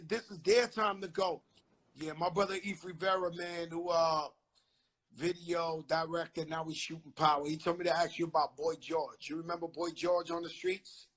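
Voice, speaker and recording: A middle-aged man hosting an interview, telling animated stories full of street slang. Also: sits high. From the Bronx, New York. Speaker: host. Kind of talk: casual interview chat.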